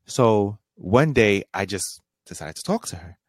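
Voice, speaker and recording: A man's voice: fairly low pitch, expressive, measured pace, no room sound. A young man, a podcast co-host, casually telling a long slangy story and acting out both sides of a conversation.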